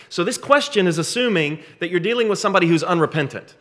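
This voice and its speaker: Middle-aged male pastor, bright and forceful tone, emphatic sermon delivery with dramatic pauses. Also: on the high side, expressive. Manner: emphatic preaching with dramatic slowdowns and repeated phrases.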